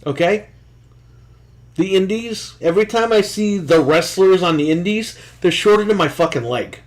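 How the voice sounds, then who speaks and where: A man co-hosting a casual podcast, ranting loudly with heavy swearing. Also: high voice, animated, moderate pace. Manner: profane, loud, ranting. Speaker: podcast co-host.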